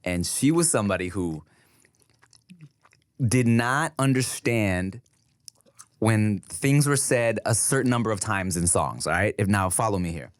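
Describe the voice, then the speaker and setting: A man's voice: lowish voice, lively intonation, unhurried, pauses often, no room sound. A man co-hosting a casual podcast, telling funny stories between bites, laughing often and swearing freely. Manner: laughing storyteller, swears, sings snippets in silly voices. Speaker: podcast co-host. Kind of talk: casual chat while eating.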